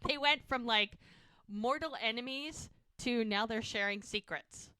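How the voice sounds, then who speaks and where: Chatty bright-voiced woman podcast host. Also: a little high, measured pace, smooth, dry recording, studio quality. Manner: chatty, laughs often, quotes characters in brief voices. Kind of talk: casual chat recapping a TV episode.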